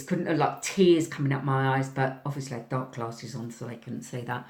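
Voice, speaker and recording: A woman, a teacher, telling a story to camera in a casual, animated way, acting out voices and often clearing her throat. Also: low voice, echoey room.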